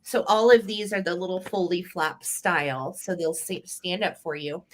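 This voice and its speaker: A woman's voice: lowish voice, fairly even intonation, normal speed. A woman co-hosting a live vintage sale, chatting enthusiastically as she describes each item. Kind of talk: live sale product chat.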